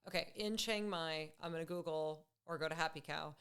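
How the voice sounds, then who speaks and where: A woman guest in a casual podcast conversation, chatty and quick to laugh. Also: sits low, a bit bright, clean tone.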